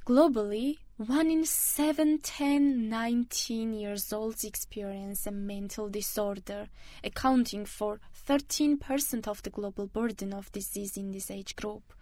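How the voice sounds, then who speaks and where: Woman radio host, measured scripted read, bone-dry studio sound. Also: mid-range voice, steady tone, warm tone, no echo. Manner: careful, measured reading.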